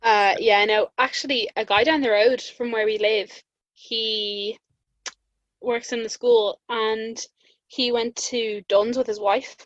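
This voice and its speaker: Irish woman, young, casual podcast chat, animated storytelling, dry close sound, dull lo-fi audio. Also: on the high side, slow pace, no echo. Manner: chatty storyteller, laughs often, acts out quotes. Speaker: podcast co-host.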